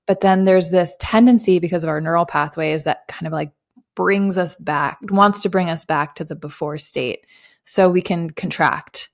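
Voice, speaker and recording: A woman speaks in a slightly low voice, sharing a personal story as a podcast guest. Her talk is relaxed and reflective, full of small fillers, in the easy rhythm of a casual conversation. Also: normal speed, creaky. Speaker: guest, business coach.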